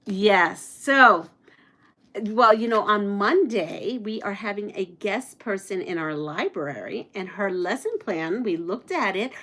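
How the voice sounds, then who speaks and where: A woman's voice: on the high side, fairly bright tone. A middle-aged woman hosting a quilting channel, chatting casually at home while sewing and reading viewer comments aloud.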